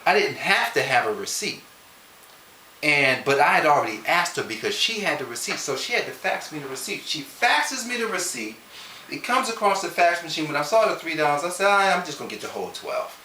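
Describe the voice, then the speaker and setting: A man tells a personal story as a motivational speaker, his bright voice rising and falling a lot as he keeps turning to his listeners with questions. He sounds set back from the mic in a roomy, echoing space, with a faint hiss underneath. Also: a little high, a little fast, far from the mic. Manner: lively, conversational, questions the listeners directly. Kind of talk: animated personal storytelling to an audience.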